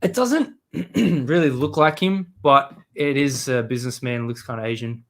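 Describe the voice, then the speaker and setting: A man hosting a live stream, ranting angrily with lots of swearing, swinging from loud outbursts to low muttering. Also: moderate pace. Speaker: show host. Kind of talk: profane live-stream rant.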